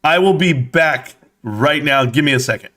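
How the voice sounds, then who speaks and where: A man hosting a live stream from his home desk, talking in a casual, rambling way and speaking straight to his viewers with quick bursts of excitement. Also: on the high side, music in the background.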